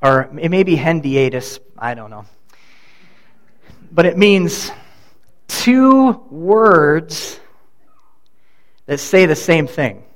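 A middle-aged man preaching a sermon, his voice pitched a little above the usual for a man. He speaks conversationally rather than formally and often turns aside to speak to people in the congregation by name. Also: big pitch swings, drawn-out words, pauses often. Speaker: pastor.

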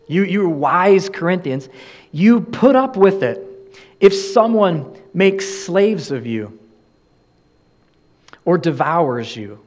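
Preaching in an earnest, conversational style, this male pastor keeps starting his phrases over. His voice sits on the high side.

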